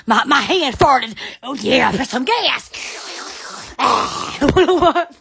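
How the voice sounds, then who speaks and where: A woman from Alabama, chattering excitedly on a phone livestream, giggling, gushing and stammering. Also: high voice, very slow, vocal fry, husky. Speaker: social media livestreamer.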